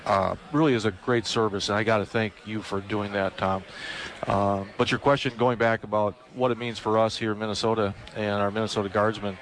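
Flat gravelly man. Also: on the low side. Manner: measured, flat delivery with many "uh" fillers. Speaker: military guard official, radio guest. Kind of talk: radio interview.

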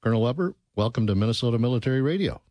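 A man's voice: medium pitch, animated, rapid-fire, darkish tone, dry recording. A man interviewing a guest on the radio, friendly and joking.

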